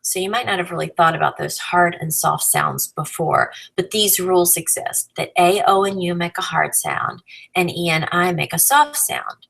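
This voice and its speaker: A woman's voice: lowish voice, moderate pace, vocal fry, a bit bright, rough recording. A woman teacher explaining grammar patiently, step by step, spelling out letters as she goes. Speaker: Spanish teacher. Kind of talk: recorded grammar lesson.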